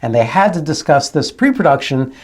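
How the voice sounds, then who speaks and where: A man's voice: a little high, big pitch swings, a little fast. A man working as a dialect coach, explaining things and mimicking accents to make his points. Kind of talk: video analysis commentary.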